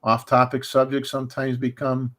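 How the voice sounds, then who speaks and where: A man's voice: mid-range voice, monotone, moderate pace. Rambling man hosting a livestream. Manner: rambling, many fillers and restarts, chuckles often. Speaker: livestream host. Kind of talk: casual livestream chat.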